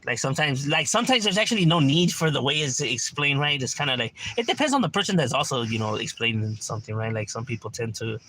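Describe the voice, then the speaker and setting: Laid-back man, lively voice. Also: medium pitch, fast talker, few pauses, a little hiss or hum. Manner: laid-back, slangy, profane, keeps asking "right?". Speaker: livestreamer reading chat. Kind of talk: casual livestream chat. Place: at home.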